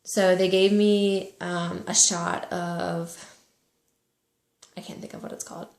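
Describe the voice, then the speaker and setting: A young woman in her twenties telling a personal story to camera, soft-spoken and halting, with many pauses and fillers. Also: fairly low pitch, flat delivery, vocal fry, reverberant. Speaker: vlogger.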